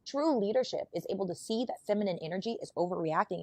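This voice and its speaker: A woman on a podcast panel, explaining her views in a measured way and acting out both partners in her examples. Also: medium pitch, expressive, mellow, dry recording.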